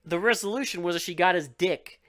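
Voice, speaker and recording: A man co-hosting a podcast, recapping a movie in casual, profane, animated chat and acting out scenes. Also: sits high, fairly quick, no room sound, studio quality. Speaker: podcast co-host.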